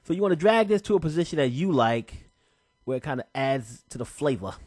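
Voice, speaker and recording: A man with a fairly high voice walks through a software tutorial in a relaxed, chatty way, tossing in casual slang as he goes. The sound is dry and close, with no room around it. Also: a little fast, no room sound. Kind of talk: casual screen-recorded tutorial.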